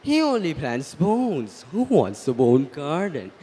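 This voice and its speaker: A young man playing a smooth-talking male stranger who sells things, in a school readers' theatre. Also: on the high side, huge pitch swings, takes it slowly, warm tone, in a large hall, exaggerated voice. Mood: coaxing. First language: Thai.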